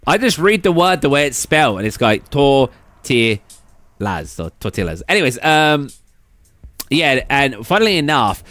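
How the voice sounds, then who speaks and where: Sitting indoors at his gaming computer, a British man rambles casually on a live stream, reading out viewers' messages and answering them. His voice is medium in pitch and a bit bright, and the recording sounds dry.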